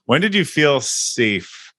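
A man's voice: mid-range voice, big pitch swings, takes it slowly, a bit bright, no echo, clean studio sound. A man hosting an interview, asking brief, prompting questions. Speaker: podcast host.

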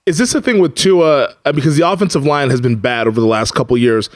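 A man's voice: medium pitch, fast talker. Chatty man telling sports stories. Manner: chatty, storytelling. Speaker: podcast co-host, sports bettor. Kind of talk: casual sports talk.

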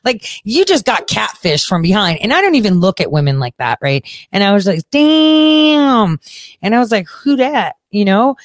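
A woman's voice: medium pitch, very animated, a little fast, hardly any pauses, no echo. A woman hosting a talk show, ranting bluntly and sarcastically, with plenty of swearing. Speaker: podcast host. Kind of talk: ranting monologue.

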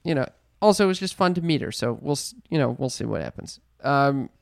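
A man's voice: medium pitch, expressive, fairly quick, creaky, dry recording, clean studio sound. A man co-hosting a podcast, joking and easygoing as he reads out listener messages. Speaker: podcast co-host. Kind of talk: casual podcast chat.

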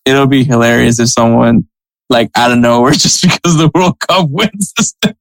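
A man's voice: mid-range voice, normal speed, gravelly, no room sound, poor audio. Man, soccer podcast co-host, casual chat, laughs a lot, dry close sound. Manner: laughs often, reads sponsor spots.

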